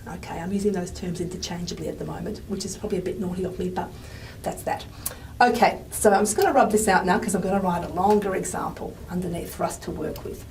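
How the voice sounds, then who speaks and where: A woman lecturer explaining at a whiteboard in a chatty way, often checking in with "okay?" and filling pauses with "um". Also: fairly low pitch, darkish tone. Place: classroom. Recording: voice from a distance with faint room noise.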